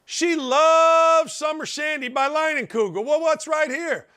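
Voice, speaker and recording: A middle-aged man hosting a sports talk show, giving a brash, folksy, animated monologue and ribbing his listeners. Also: very high-pitched, unhurried. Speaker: sports radio host.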